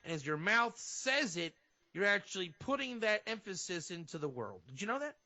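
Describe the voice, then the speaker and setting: High bright-voiced rabbi on radio. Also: male voice, moderate pace. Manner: animated explainer, acts out fervent prayer. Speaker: rabbi, guest. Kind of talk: radio interview, teaching. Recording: dull lo-fi radio audio.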